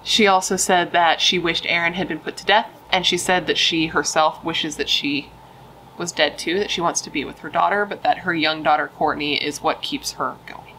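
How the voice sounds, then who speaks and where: A woman's voice: low voice, steady tone, normal speed, pushed and bright, slight background noise, low-quality recording. A young woman casually telling a true crime story, emphatic and chatty, swearing and saying dude and like.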